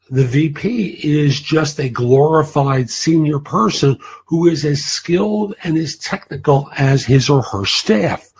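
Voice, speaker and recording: Man, career advice host, husky voice, blunt and plain-spoken. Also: on the high side, darkish tone, rough recording. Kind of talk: answering listener questions.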